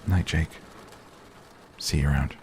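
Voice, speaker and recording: Stubborn teen girl, man reading it, whispered role-play, very low voice, slow. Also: fairly even intonation, noisy background. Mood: wry. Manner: soft, slow, barely acted. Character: teenage girl narrator, wry and stubborn.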